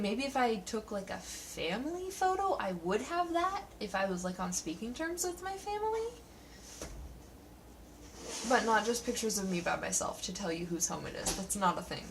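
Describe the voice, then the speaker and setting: A woman giving a casual, sarcastic spoken review of a TV show from home, talking in a chatty way full of "like". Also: medium pitch. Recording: distant from the mic, faint background noise.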